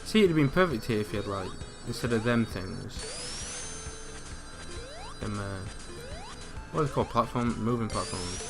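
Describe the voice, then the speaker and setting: A man's voice: fairly low pitch, lively intonation, moderate pace, pauses often, music in the background. A young man with a casual, self-mocking manner, rambling and restarting sentences as he comments on a game over a voice call. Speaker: let's play commentator. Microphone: headset on a voice call.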